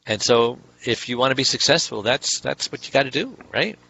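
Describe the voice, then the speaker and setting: A man's voice: medium pitch, big pitch swings, normal speed, vocal fry, bright, forceful tone, slightly rough, rough recording. Rambling middle-aged man telling stories. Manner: rambling, acts out little dialogues in other voices. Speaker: author and motivational speaker. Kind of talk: casual anecdotal monologue.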